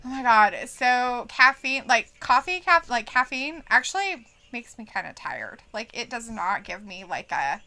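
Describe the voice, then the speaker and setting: A woman with a fairly high voice co-hosts a live stream, watching wrestling, chatting casually, and laughing while she reads out viewer comments. She's giggly and animated, quoting chat viewers at a measured pace with few pauses.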